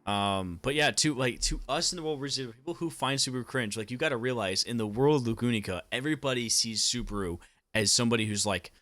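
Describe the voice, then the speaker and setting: A man's voice: medium pitch, fairly quick, a bit bright, dry recording. A young man giving casual anime commentary, rambling with lots of fillers and casual swearing.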